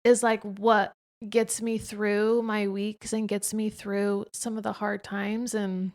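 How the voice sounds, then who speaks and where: Young adult woman, podcast host, casual and expressive, middle pitch. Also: slow pace. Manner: chatty and expressive, frequent filler "like". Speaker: podcast host, interviewed by her husband. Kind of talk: casual conversational chat.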